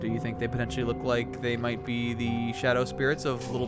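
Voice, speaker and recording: A young man casually commenting on a game he is streaming, rambling with lots of fillers and laughing asides, reacting excitedly to what happens on screen. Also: mid-range voice, brisk, music in the background.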